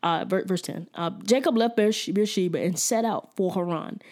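A woman's voice: mid-range voice, normal speed, a little mellow. A woman teaching a Bible study in a casual, conversational way, often repeating words and checking in with "okay?".

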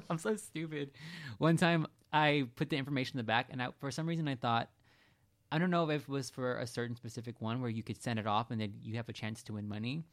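A woman's voice: very deep voice, a little fast. A woman host chatting casually, telling gossipy stories and laughing often. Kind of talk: casual chat.

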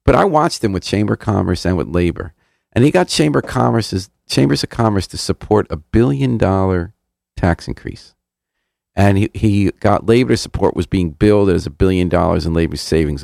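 An older man hosting a radio show, with a deep, gravelly voice. He fires off pointed questions at a fast clip. The studio sound is dry and close. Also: darkish tone, dry recording. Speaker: radio host. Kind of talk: radio interview.

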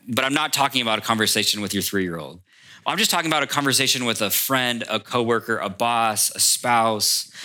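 A man, a pastor, preaching a sermon to his congregation as a lively storyteller who speaks straight to the room. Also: medium pitch. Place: church before a congregation.

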